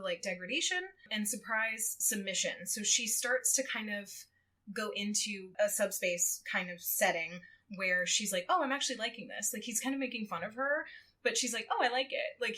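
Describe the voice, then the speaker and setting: A woman chatting casually on a podcast, retelling a story with lively acted quotes and frequent laughter. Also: mid-range voice, normal speed. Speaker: guest co-host. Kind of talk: casual podcast chat, recapping a book.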